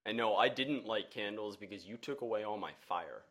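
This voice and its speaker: A man on a casual comedy podcast, teasing the others with dry, dark humor. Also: on the low side, fairly quick. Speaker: podcast co-host.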